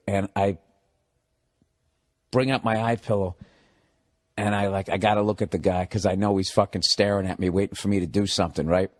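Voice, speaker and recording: A man, a comedian, telling a story in a loud, profane, animated way and laughing as he goes. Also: lowish voice, brisk, long pauses, no room sound, studio quality. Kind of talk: casual comic storytelling.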